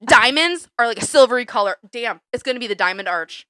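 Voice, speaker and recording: A young woman co-hosting a casual podcast, ranting heatedly, swearing often and jumping around in pitch when fired up. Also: fast talker, slight background noise. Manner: animated, big jumps in pitch when fired up. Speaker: podcast co-host. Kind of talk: casual chat. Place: small studio under a lamp.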